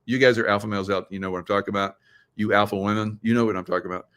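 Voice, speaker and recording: A man's voice: on the low side, fairly even intonation, very fast, a bit bright. A middle-aged man hosting a live chat to viewers, rambling and conspiratorial, laughing often as he talks. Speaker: livestream host. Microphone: computer mic, screen sharing.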